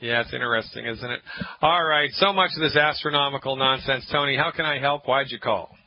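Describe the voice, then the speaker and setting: A man's voice: mid-range voice, brisk. A man hosting a call-in health radio show as a naturopath, emphatic and jokey, on a dull lo-fi broadcast. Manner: emphatic, jokey, rants with mock-angry acted quotes.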